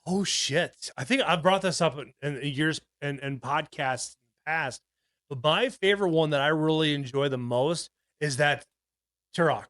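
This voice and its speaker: A man's voice: a little high, normal speed, fairly bright tone, no echo, studio quality. A man in his thirties co-hosting a podcast, rambling and swearing as he tells stories, with lots of restarts. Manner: rambling, profane, with many restarts. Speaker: podcast co-host. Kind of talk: casual podcast chat.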